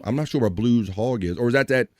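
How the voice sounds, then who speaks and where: A man's voice: medium pitch, quick pace, dry recording, clean studio sound. A man hosting a casual live stream, chatting and joking as he reads out viewers' messages. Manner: chatty, reads chat messages aloud, jokey.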